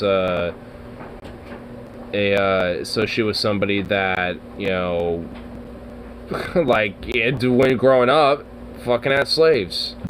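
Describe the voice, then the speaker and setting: A man talks in a loose, rambling way, full of swearing and fillers. He gets excited easily and keeps trailing off mid-thought. There is a faint hiss of noise behind him. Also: fairly low pitch, low-quality recording. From Oregon, US. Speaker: streamer. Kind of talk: casual rambling chat.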